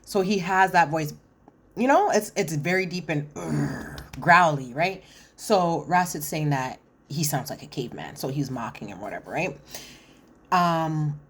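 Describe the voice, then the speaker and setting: A woman with a slightly low voice chats through a reality-show recap. She sounds opinionated and animated and keeps jumping into little impressions of the cast. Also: normal speed, slight background noise. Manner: chatty and opinionated, acts out quotes, often says "listen". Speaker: reality TV commentator. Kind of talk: casual recap commentary.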